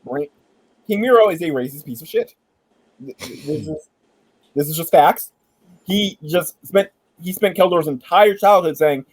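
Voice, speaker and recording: Guy hosting a chill pop culture chat, kinda high voice, dry close sound, jokey and a bit sweary. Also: normal speed, no echo, rough recording. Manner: animated, joking storyteller who swears casually. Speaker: podcast host. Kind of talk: casual entertainment chat.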